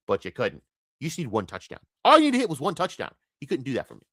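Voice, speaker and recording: A man hosting a podcast, delivering a heated, profane sports rant that swings between loud outbursts and low mutters. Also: huge pitch swings, fast talker, dry recording, studio quality. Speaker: podcast host.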